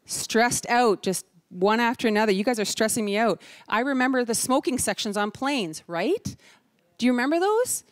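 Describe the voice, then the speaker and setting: Animated woman telling stories on stage. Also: on the high side, moderate pace, no room sound. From Canada. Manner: lively storytelling, acting out voices of others. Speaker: keynote speaker. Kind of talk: storytelling talk to an audience. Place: large event hall before a live audience.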